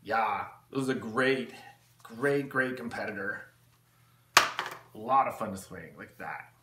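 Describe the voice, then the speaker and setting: A man's voice: fairly low pitch, unhurried, reverberant, very noisy. A man hosting his own channel, talking in a rambling, enthusiastic way with lots of fillers and restarts, from his home workshop. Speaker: channel host. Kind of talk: rambling casual vlog talk.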